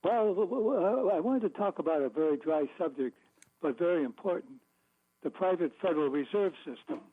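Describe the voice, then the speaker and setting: A male caller on a radio show, speaking haltingly with some stammering. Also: a little high, expressive, slightly rough. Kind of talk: call-in radio talk. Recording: tinny phone line.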